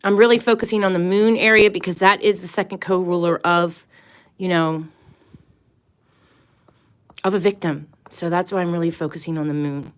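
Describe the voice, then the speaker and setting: A woman's voice: fairly low pitch, steady tone, normal speed, long pauses, clean tone. Woman on a livestream rambling on, keeps restarting, really earnest about it. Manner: rambling, repeats herself, restarts often; earnest and emphatic. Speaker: tarot and astrology livestream host. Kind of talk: casual livestream talk.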